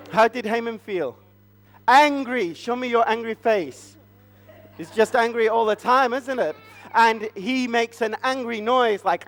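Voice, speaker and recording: A man telling an interactive Bible story to children at a family church service, playful and asking them questions. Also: extremely high pitch.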